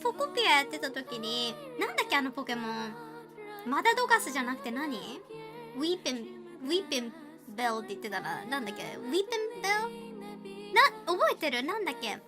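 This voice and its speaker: A woman's voice: high-pitched, sing-song, rapid-fire, over music. A woman hosting a casual live drawing stream, switching between Japanese and English and laughing often as she chats. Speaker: live-stream artist and host.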